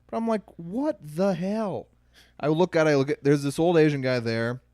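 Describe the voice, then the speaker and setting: A man's voice: fairly high pitch, sing-song, quick pace, darkish tone, smooth, no echo. A man co-hosting a comedy podcast, telling rambling anecdotes with a dry, jokey delivery. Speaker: podcast co-host.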